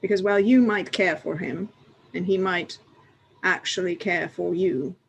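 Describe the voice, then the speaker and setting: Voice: medium pitch, fairly even intonation, a little slow, creaky, husky, poor audio. A tabletop player voicing a stern elven hunter in character, speaking formally and bluntly. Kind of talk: in-character tabletop role-play.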